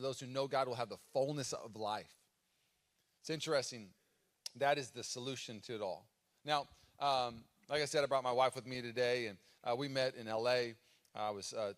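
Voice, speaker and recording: An American man in his thirties, a pastor giving a sermon live in a church, telling stories and acting out his own cries. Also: mid-range voice. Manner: animated storytelling with dramatic acted-out cries. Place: church auditorium. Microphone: live stage microphone.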